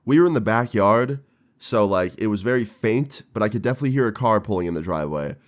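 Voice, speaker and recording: A young man in his twenties telling a casual storytime, animated and swearing with laid-back slang. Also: lowish voice, fast talker. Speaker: storytime vlogger.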